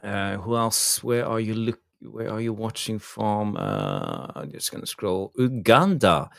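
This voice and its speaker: Low-voiced man reading viewer shout-outs. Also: a little slow, creaky, no echo, clean studio sound. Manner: relaxed, reads out names and greetings. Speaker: co-host reading viewer comments. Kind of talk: casual livestream chat.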